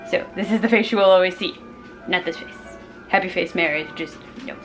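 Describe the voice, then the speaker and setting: A woman chatting casually to camera in her home kitchen, talking through her week, excitable and prone to squealing when something delights her. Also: fairly low pitch, brisk, soft background music. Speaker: vlogger.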